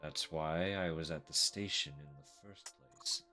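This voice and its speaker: Deep, slow-talking male game streamer. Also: faint music behind. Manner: reads dialogue in a flat voice, breaks into laughs and swearing. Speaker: streamer reading game dialogue aloud. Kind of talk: let's play, reading in-game characters' lines with live commentary.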